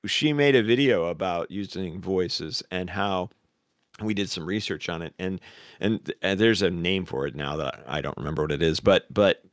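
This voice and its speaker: A man's voice: deep voice, normal speed, no room sound, clean studio sound. A man talking casually on a podcast about role-playing, earnest and explanatory.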